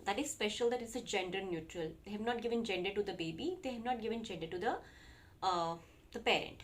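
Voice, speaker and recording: A woman's voice: medium pitch, fast. Chatty Indian English woman reviewing books. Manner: chatty, with many fillers and restarts. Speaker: parenting vlogger. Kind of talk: casual book review.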